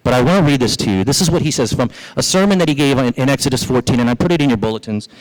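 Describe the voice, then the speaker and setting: A man pastor preaching a sermon in a church, asking rhetorical questions, with his voice leaping up in pitch as he drives his points home. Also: very fast, rough recording.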